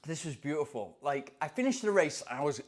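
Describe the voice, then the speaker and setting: Running coach, man, excitable storyteller, voice sits a bit high. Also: fairly quick. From England. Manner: animated, excitable, acts out voices in anecdotes. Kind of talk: casual storytelling to camera.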